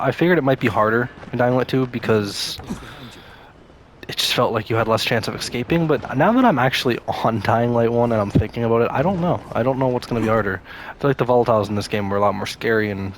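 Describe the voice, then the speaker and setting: A man's voice: mid-range voice, fast, a little hiss or hum. A man casually commenting on his own gameplay, rambling and talking to himself, with sudden scared outbursts. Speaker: gaming YouTuber. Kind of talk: casual let's-play commentary.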